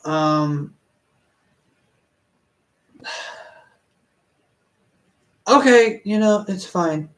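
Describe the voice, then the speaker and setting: A man with a fairly high voice reads a fan story aloud and comments on it in a casual way. He talks slowly, stops and restarts his sentences, and laughs often. He sounds exasperated. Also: lively intonation. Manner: exasperated, halting, self-interrupting. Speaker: reader reviewing a fan story.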